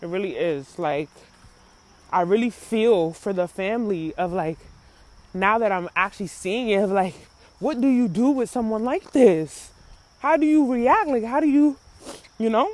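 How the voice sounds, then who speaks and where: A woman's voice: mid-range voice, a little slow, a little mellow. A woman hosting a casual commentary chat, rambling with many fillers and acting out quotes. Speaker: commentary host.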